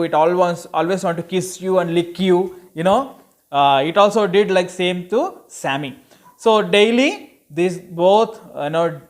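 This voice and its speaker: Man telling a children's story. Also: high voice. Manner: chatty, many "you know" asides, addresses children. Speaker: Sunday school teacher.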